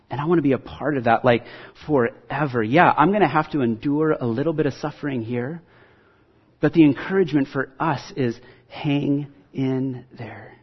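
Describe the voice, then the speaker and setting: A man's voice: a little high, normal speed, slightly rough, highs cut off. A man preaching a sermon to his congregation, earnest and conversational, with self-deprecating asides. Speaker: pastor.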